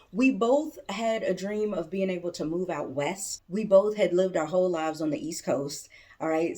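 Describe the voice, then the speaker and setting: This middle-aged woman is a vlogger and business coach from suburban Maryland near Washington DC, with a warm voice on the low side. She talks casually to camera, often laughing and adding folksy asides for her viewers.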